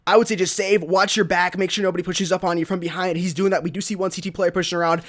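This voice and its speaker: A young American man casting a live shooter match, getting louder on big plays and chatting between rounds to thank donors. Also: high voice, quick pace. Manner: excitable, rising to shouts on big plays. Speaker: esports caster. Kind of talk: live game commentary.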